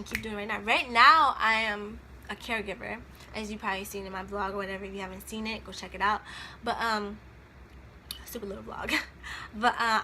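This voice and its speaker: A woman's voice: on the high side, bright, forceful tone, a little hiss or hum. A woman in her twenties, rambling in casual, slangy chat to the camera and often laughing. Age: 20s. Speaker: vlogger.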